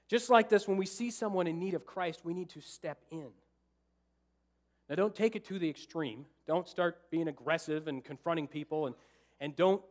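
In the church sanctuary, a pastor whose voice is bright and high-pitched animatedly narrates a story during his sermon. He dramatizes what was running through his mind and jokes around with the congregation, full of lively energy.

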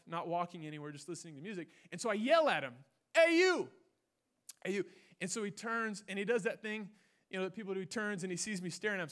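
A young adult man preaching a sermon, telling a personal story with animated swings between loud bursts and hushed, earnest moments. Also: high voice. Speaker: pastor. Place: church stage.

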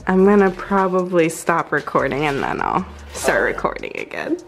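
Relaxed woman, lowish voice. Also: normal speed, vocal fry, faint music behind. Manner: relaxed, playful, joking. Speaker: vlogger, wife. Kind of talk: casual vlog chat.

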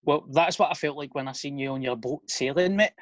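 A man's voice: on the high side, fairly quick, fairly bright tone, lo-fi sound. A Scottish man hosting a casual podcast chat, teasing his guest with jokey banter and swearing.

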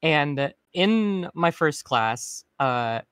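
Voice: mid-range voice, animated, extremely slow, a bit bright, clear, resonant tone, no room sound. A college student telling a rambling story in a casual stream chat, full of restarts.

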